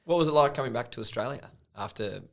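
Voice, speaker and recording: A man's voice: mid-range voice, quick pace, vocal fry. A man hosting a casual interview, asking easygoing questions. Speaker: podcast host.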